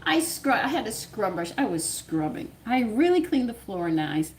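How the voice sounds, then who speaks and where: An older woman with a Southern US accent, a cooking channel host, telling a home story in casual, animated talk and laughing often. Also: on the high side, moderate pace, slight background noise. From American South. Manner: animated, laughs often, swings loud and quiet.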